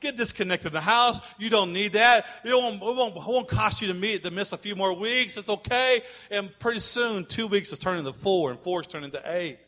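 High-voiced preaching pastor, shouting at times. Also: male voice, brisk, few pauses. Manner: emphatic and repetitive, at times shouting. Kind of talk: sermon.

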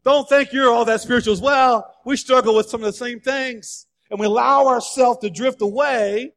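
A man preaching a sermon, telling the story with lively changes of voice as he acts out the figures. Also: extremely high pitch, normal speed. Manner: animated storytelling, acting out quoted voices. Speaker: pastor. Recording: long hall reverb.

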